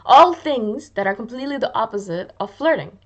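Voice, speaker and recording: A woman's voice: a little high, lively intonation, a little fast, highs cut off. A woman hosting her own video channel, talking casually and self-mockingly to the camera and acting out little quoted asides. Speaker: YouTube channel host.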